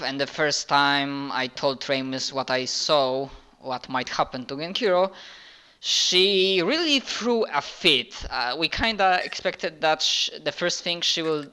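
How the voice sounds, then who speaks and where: Bright, clear-voiced man playing a tabletop game. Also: a little high. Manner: halting, with many fillers and restarts. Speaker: player.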